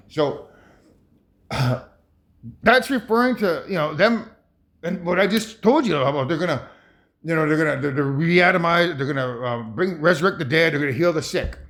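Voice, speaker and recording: A man's voice: a little high, normal speed, fairly bright tone. A man from Ontario, Canada, giving rambling, heated commentary over a video, swearing often and restarting his sentences. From Ontario, Canada (Saugeen First Nation). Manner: heated, profane, emphatic with many restarts.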